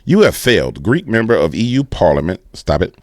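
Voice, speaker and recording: Animated low-voiced male commentator. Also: brisk, no room sound, studio quality. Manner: animated, slangy, playful sound effects. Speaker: political commentary host. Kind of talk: casual political commentary.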